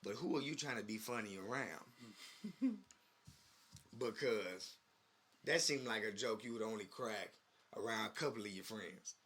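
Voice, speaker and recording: A man co-hosting a casual podcast, telling stories with animated quoted voices. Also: lowish voice, unhurried, pauses often, slightly rough. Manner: animated storytelling, acts out quotes. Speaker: podcast co-host. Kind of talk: casual chat.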